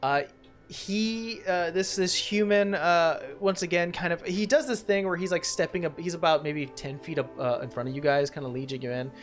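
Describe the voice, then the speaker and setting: A man's voice: a little high, steady tone, moderate pace, soft background music. A man narrating as game master of a tabletop game, rambling with many fillers and restarts.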